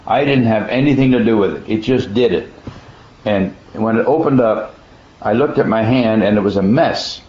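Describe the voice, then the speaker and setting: A man's voice: fairly low pitch, moderate pace, darkish tone, a little hiss or hum. A man telling a personal testimony in plainspoken, folksy speech, earnest and emphatic, often restarting his words. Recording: dull echoey room recording.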